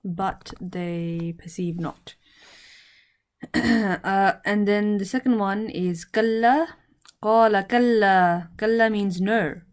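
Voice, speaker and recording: A woman teaching Arabic grammar in English, speaking slowly and deliberately and repeating each word with its meaning. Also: medium pitch, clean tone.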